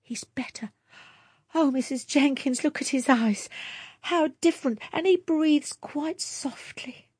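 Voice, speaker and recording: A woman voicing an anxious, gentle young mother who speaks softly and pleadingly. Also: high-pitched, unhurried, no room sound, studio quality, pitched above the performer's own voice. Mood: anxious relief. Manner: soft and pleading.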